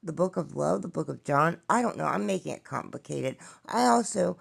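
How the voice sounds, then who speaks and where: A woman's voice: sits low, expressive, moderate pace, creaky, breathy edge. A woman hosting a podcast, talking about spiritual channeling in a wandering, questioning way and often doubting herself. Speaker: podcast host.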